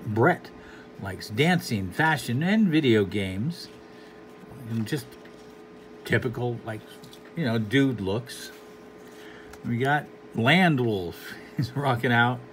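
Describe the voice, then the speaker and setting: A man's voice: mid-range voice, expressive, takes it slowly, long pauses, a bit bright, a little hiss or hum. Rambling, unimpressed male reviewer. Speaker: comic book reviewer. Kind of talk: casual commentary.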